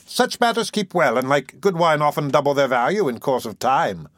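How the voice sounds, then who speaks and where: A man voicing a shrewd, composed middle-aged matron who bargains slowly and deliberately. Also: medium pitch, lively intonation, dry recording, studio quality, natural voice. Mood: calculating. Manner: cool and deliberate, slow measured lines.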